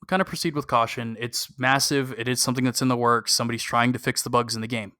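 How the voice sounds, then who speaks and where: Bright, clear-voiced man on a podcast. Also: medium pitch, fairly even intonation, fast talker, no echo. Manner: frequent "um" fillers, cautious and opinionated. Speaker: podcast co-host. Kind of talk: casual podcast discussion.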